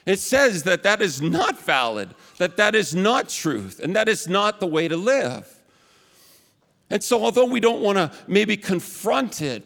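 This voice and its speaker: A pastor preaching a conversational sermon, chatty and prone to self-mocking asides. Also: male voice, high voice, vocal fry, fairly bright tone, big-room sound.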